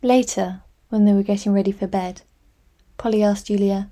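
A woman reading a novel aloud in measured, scripted narration. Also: mid-range voice, steady tone, mellow. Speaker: audiobook narrator.

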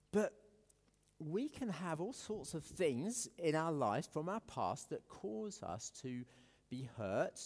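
A man with an English accent preaching a sermon in a conversational, self-deprecating way, with many fillers and restarts. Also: mid-range voice. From South Africa. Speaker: pastor. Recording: echoey hall with long reverb.

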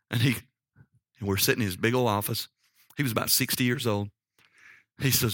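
Man, sermon, folksy storytelling, forceful tone, dry close sound. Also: mid-range voice, fairly quick, pauses often, no room sound. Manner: animated, folksy, repeats "okay?". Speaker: preacher.

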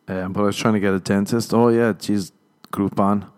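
A man's voice: fairly low pitch, fairly even intonation, normal speed, a little mellow, clear, resonant tone. An Irish man hosting a solo comedy podcast, telling rambling self-mocking stories and acting out the dialogue. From Ireland. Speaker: podcast host.

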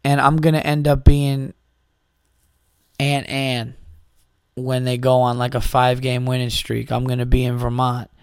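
In an unhurried, level mid-range voice that is clear and resonant, a comedy podcast host rambles through an exasperated rant, performing the voices of the people he quotes. The recording is dry.

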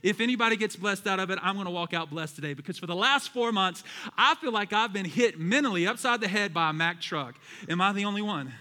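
A man's voice: high-pitched, animated, quick pace, bright, forceful tone, long reverb tail. A man preaching a sermon as pastor, emphatic and calling out to his congregation. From American South.

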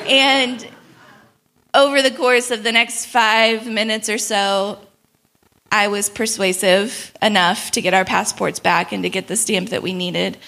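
A young woman telling a travel story in a sermon, animated and laughing often as she acts out the people in it. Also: mid-range voice, unhurried, vocal fry. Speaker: speaker at a church gathering.

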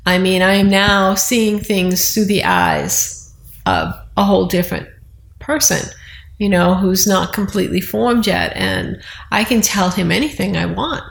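Older lady chatting away, bit of gravel in her voice, roomy echo. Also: mid-range voice, expressive, a little slow. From United States east coast. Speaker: guest, host's mother. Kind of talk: casual conversation.

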